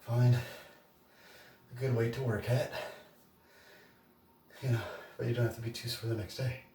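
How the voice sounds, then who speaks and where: A man's voice: mid-range voice, steady tone, a little slow, mellow, reverberant, recorded from a distance, slight background noise. A man vlogging his workout, out of breath and chatting between sets. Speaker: fitness vlogger. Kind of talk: casual workout talk to camera.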